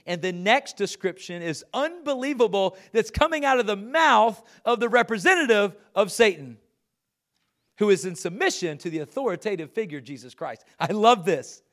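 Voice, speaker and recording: A middle-aged man preaches from the pulpit, reading scripture aloud and pushing his voice up on the key lines. His voice sits a little higher than most men's, and he leans on each point with emphasis. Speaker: pastor. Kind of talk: sermon.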